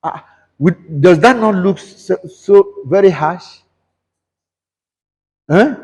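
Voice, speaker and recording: A man's voice: sits high, animated, slow pace, darkish tone, husky, in a large hall. A man preaching a sermon, questioning the congregation and mixing English and Yoruba. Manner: switches between English and Yoruba. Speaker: pastor.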